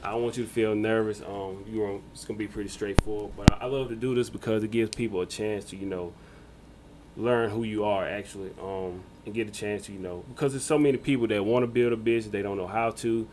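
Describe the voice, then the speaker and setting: A man, hosting a podcast interview in a relaxed, reassuring way with loose fillers. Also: on the low side, fast, slight background noise, low-quality recording. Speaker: podcast host. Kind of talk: casual interview.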